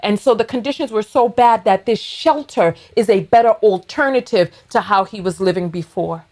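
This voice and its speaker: A woman's voice: medium pitch, normal speed, darkish tone. A woman hosting a reaction video, giving blunt, mocking, profane commentary as she takes down her braids at home.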